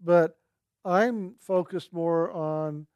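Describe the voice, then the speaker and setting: A man with a fairly high voice tells a personal story in an earnest, reflective way. He quotes the people in it without changing his voice. The sound is dry and close. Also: drawn-out words, a little mellow, smooth, dry recording.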